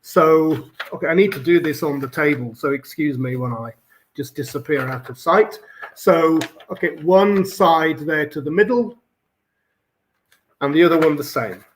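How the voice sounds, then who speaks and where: English male guest, slightly high voice, patient instructor on a video call. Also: moderate pace, slight background noise. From England. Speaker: origami teacher guest. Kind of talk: live online tutorial.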